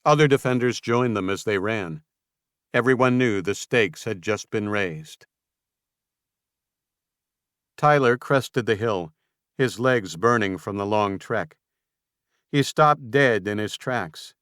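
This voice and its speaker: Smooth low-voiced male narrator. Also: unhurried, fairly bright tone, no room sound, studio quality. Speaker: audiobook narrator. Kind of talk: scripted narration.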